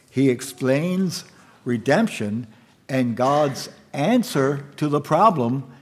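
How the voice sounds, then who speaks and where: A man preaching an evening sermon and reading scripture aloud, in a halting way with fillers and repeated words. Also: mid-range voice, darkish tone, slightly rough.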